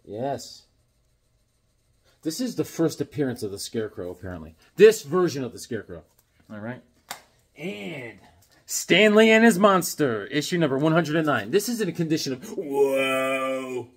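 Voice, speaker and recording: A man's voice: medium pitch, very animated, normal speed. A middle-aged man chatting casually about his comic books, wandering off into jokey stories as he goes. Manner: rambling, jokey storyteller. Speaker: comic book collector vlogger. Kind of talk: casual show-and-tell chat.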